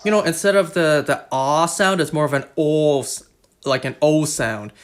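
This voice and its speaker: A Canadian-accented man with a slightly high voice chats casually at normal speed while streaming a game, game music in the background. He rambles, stays chatty and repeats himself.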